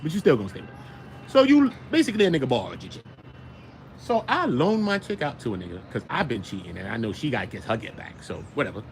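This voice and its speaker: Animated slangy New York man. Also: mid-range voice, quick pace, vocal fry, a little hiss or hum. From Brooklyn, New York. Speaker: show host. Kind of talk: casual commentary.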